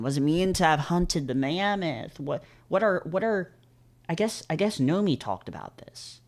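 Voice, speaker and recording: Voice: mid-range voice, big pitch swings, normal speed. A visual novel reader reading aloud and commenting casually, rambling and hesitant with frequent fillers and restarts.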